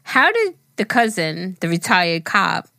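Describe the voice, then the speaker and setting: A woman co-host with a bright, forceful voice that swings widely in pitch. She reacts bluntly and swears freely in a casual, dry-sounding podcast chat. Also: very animated, a little slow, creaky, no room sound.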